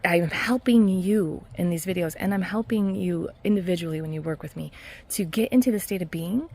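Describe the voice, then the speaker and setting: A woman hypnotherapist talking casually in a self-help vlog, earnest and encouraging, with soft laughs. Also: lowish voice, normal speed, creaky. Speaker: hypnotherapist and mindset coach.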